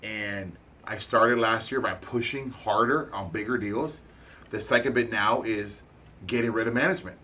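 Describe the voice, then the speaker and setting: Man, low register, blunt investor talking shop, quick bursts and restarts, salty language. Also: bright, forceful tone, slight background noise. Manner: blunt, swears, fast bursts with halting restarts. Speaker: real estate investor and business owner. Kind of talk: candid motivational talk.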